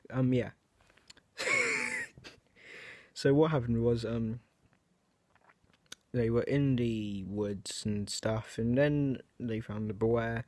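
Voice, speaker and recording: In a dry recording, a young male vlogger speaks casually to camera in a dark, mid-range voice with fairly even intonation, a slow pace, and frequent pauses. He rambles, hesitates, restarts his sentences, and mocks himself.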